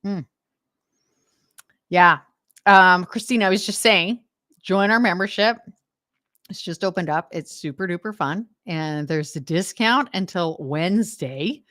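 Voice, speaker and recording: A woman's voice: on the low side, a little slow, pauses often, fairly bright tone, no room sound, studio quality. A woman from Western Canada with a Canadian accent, chatting casually and enthusiastically with viewers as host of a live stream, laughing often. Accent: Canadian English. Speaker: host of a decluttering livestream.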